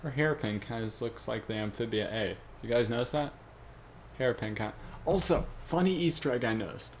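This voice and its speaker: A man's voice: mid-range voice, a little mellow, a little hiss or hum. A man rambling and joking to himself as he thinks aloud, working out a fan script. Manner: rambling, self-joking, trailing off.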